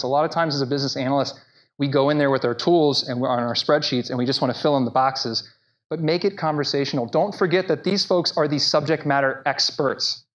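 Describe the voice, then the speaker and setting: A man giving a conversational conference presentation who speaks directly to the audience with plenty of energy. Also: a little high. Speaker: speaker at a live professional talk. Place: presentation room. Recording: dull lo-fi live talk recording.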